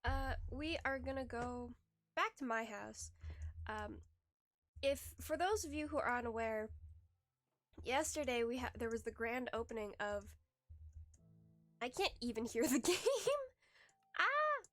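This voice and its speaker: A woman streamer chats casually while gaming, rambling, restarting sentences, and giggling a little. Her voice is on the high side, her pace measured with long pauses, and there's no echo. Faint music plays in the background.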